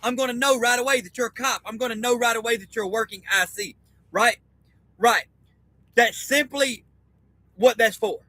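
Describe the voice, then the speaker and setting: A man's voice: extremely high pitch, fairly even intonation, moderate pace, pauses often, bright, forceful tone, dry recording, low-quality recording. A man in a rambling, profane monologue, reading a document aloud and explaining it in a conspiratorial way, with okay after nearly every line. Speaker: self-styled teacher.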